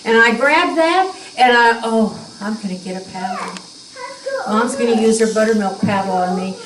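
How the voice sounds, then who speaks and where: An older woman telling a humorous childhood story in a folksy, animated way at a church gathering. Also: on the high side, normal speed, slight background noise. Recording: roomy, distant mic.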